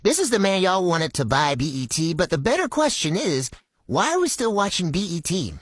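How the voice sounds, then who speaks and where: A woman with a low voice that rises and falls a great deal delivers critical commentary. She presses her points hard and repeats phrases for weight, recorded dry and close. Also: sing-song, normal speed, no room sound. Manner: emphatic, critical, repeats for stress. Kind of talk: opinion commentary.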